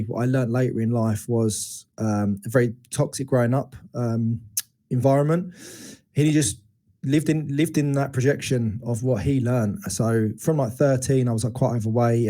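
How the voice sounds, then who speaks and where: A man's voice: medium pitch, warm tone. A man in his forties, a guest on an interview podcast, telling a painful personal story frankly and thoughtfully, often restarting his sentences. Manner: reflective, frank, with many restarts and acted quotes. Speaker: guest, men's educator.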